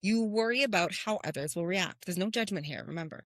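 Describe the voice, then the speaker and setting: A woman's voice: on the low side, fairly quick, a bit bright, no echo, studio quality. A woman hosting a motivational podcast, speaking earnestly and telling stories with rhetorical questions. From Canada. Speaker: podcast host and confidence coach.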